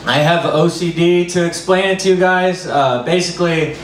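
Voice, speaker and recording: A man starting a stand-up comedy set at an open mic, tentative and deadpan. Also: fairly high pitch, normal speed. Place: bar open mic room. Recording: roomy, distant mic, faint noise.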